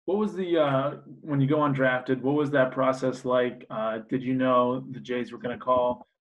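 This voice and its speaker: Flat-voiced man on a tinny line. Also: medium pitch. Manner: halting, stacks several questions. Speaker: podcast co-host, interviewer. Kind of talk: casual interview questions.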